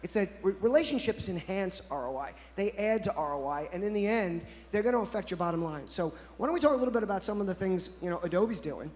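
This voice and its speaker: A man's voice: sits high, expressive, fast talker, hardly any pauses, a little mellow. A man in his fifties presenting at a conference, telling playful anecdotes and talking straight to the audience. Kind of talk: storytelling keynote talk. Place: conference stage. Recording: echoey conference hall.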